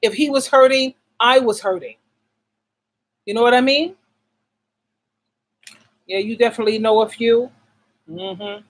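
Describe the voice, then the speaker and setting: Speaking to camera on her relationship advice channel, a middle-aged woman gives a casual, blunt monologue, firing rhetorical questions at herself, answering them, and repeating words for emphasis. Her slightly high voice moves at a measured pace with long pauses, on a low-quality recording.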